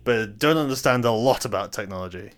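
A man's voice: lowish voice, brisk. A man hosting a podcast in casual chat, laughing often and hesitating with fillers. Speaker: podcast host.

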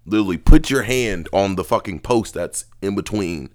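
A man's voice: fairly low pitch, normal speed, darkish tone. A man co-hosting a podcast in casual chat on a couch at home, talking bluntly with plenty of swearing and a laid-back manner. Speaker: podcast co-host.

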